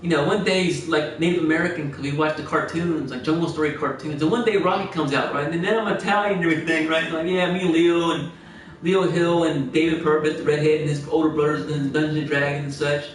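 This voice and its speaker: A man's voice: on the high side, fairly even intonation, quick pace. A man livestreaming a game, rambling through old stories with frequent laughter and restarted phrases. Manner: meandering storyteller who laughs a lot and restarts phrases. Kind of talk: rambling anecdotal chat. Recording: very echoey room, distant mic.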